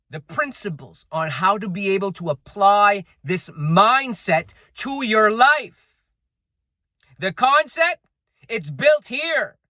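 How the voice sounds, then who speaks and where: A man's voice: very high-pitched, pushed and bright, no room sound, clean studio sound. Blunt, swearing motivational coach, a man. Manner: blunt, emphatic, swears freely. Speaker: self-improvement coach. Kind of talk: unscripted motivational talk.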